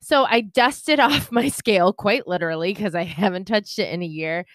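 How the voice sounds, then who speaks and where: A woman's voice: mid-range voice, moderate pace, no echo. Rambly woman podcast host, laughs a lot, swears casually, dry close sound. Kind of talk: casual chat.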